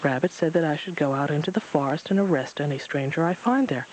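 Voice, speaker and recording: Bouncy storybook tiger, proud little scout, voice pushed up high as a guy puts him on. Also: quick pace, a little hiss or hum, natural voice, low-quality recording. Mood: eager. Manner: speaks of himself by name, eager.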